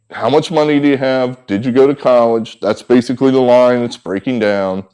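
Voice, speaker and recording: A man's voice: medium pitch, darkish tone. A man with a mid-range voice delivers an indignant, sarcastic monologue. He mocks the people he talks about and now and then acts out their lines. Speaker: sports handicapper and commentator. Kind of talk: opinionated monologue.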